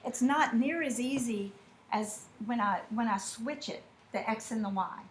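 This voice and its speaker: A woman teaches a class in a slightly high voice. She talks in a chatty way and acts out little exchanges to make her point. Faint classroom ambience sits behind her. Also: slight background noise. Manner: chatty, with drawn-out asides and mimicked dialogue. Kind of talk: classroom lesson.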